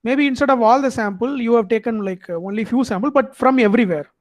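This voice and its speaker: A man's voice: very high voice, quick pace, no echo. A man with an Indian accent giving an explanatory lecture, often checking in with the listeners. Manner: explanatory, checks in with frequent "okay". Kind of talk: online lecture.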